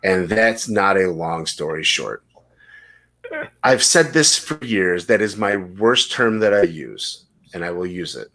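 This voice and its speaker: A man's voice: low voice, very animated, unhurried, pushed and bright. A man hosting a casual podcast, telling rambling stories and swearing freely. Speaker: podcast host.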